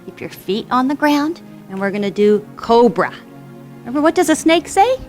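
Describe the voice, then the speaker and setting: A woman instructor gently guiding children through a yoga class with encouraging, sing-song cues. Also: a little high, very animated, moderate pace, faint music behind.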